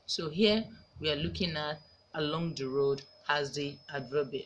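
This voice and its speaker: A woman teacher from Nigeria giving a recorded grammar lesson, slowly repeating each example sentence. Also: low voice, lo-fi sound, a little hiss or hum.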